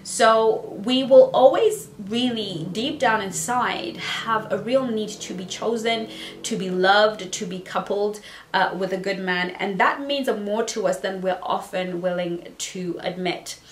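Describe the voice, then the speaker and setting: A woman's voice: mid-range voice, a little slow. A woman from Southern Africa, a dating coach, giving emphatic, playful advice and repeating phrases for effect. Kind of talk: motivational advice video. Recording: roomy echo.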